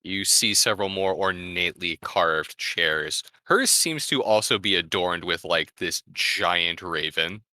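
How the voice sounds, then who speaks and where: A man narrating as game master of a tabletop game, slow and full of ums. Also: low voice, pushed and bright, dry recording.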